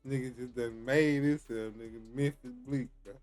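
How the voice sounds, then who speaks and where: A man's voice: medium pitch, fairly even intonation, moderate pace, over music. A man reacting to a clip, laughing and sounding incredulous as he comments. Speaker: reaction streamer.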